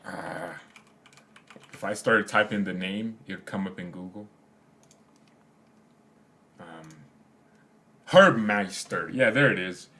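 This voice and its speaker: A young man with a fairly low voice chats casually on a fan livestream. He rambles in slang and laughs a lot as he reads out comments. Keyboard typing clicks away in the background. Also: slow pace, pauses often, bright, forceful tone, slight background noise. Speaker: fan channel host.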